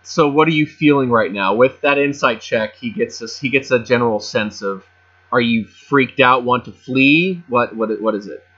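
Bright-voiced man running a game. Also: medium pitch, moderate pace, dull audio. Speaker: game master. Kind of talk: narrating a tabletop game.

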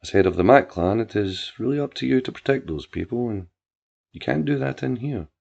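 A man voicing a cold, emotionless lawmaker who speaks in quiet threats. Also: mid-range voice, expressive, fairly quick, creaky, slightly rough. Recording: dull lo-fi with faint music.

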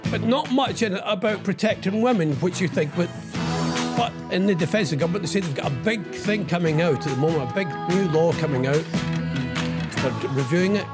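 A middle-aged radio host rambles through news items in casual talk, tossing in sarcastic political asides and tag questions. His voice is high-pitched with lively intonation, a little fast, heard over loud music.

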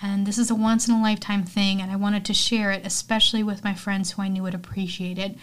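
A woman quoting a gentle young man from a commune who speaks in a soft, reassuring way. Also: medium pitch, level tone, fast talker, lightly acted. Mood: soothing.

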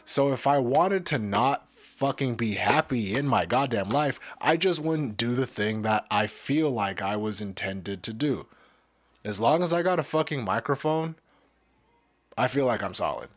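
A man's voice: medium pitch, lively intonation, a little slow, dry recording. A young man hosting a podcast, giving a casual, profane, rambling motivational talk full of restarts. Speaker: podcast host.

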